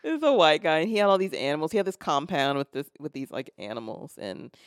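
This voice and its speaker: A woman co-hosting a casual movie podcast, chatty and quick to giggle. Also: sits low, big pitch swings, no room sound, clean studio sound. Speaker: podcast co-host. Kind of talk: casual movie-review chat.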